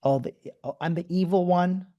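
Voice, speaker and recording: A man hosting a live-streamed spiritual talk, animated and profane, who repeats words in quick bursts. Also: high voice, lo-fi sound. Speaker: host.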